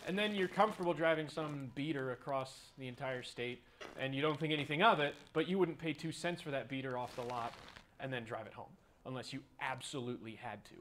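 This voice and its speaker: A man leading a group Bible study, teaching in a relaxed, folksy way with everyday analogies. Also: medium pitch, fairly quick, slight background noise. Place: group room with a recording.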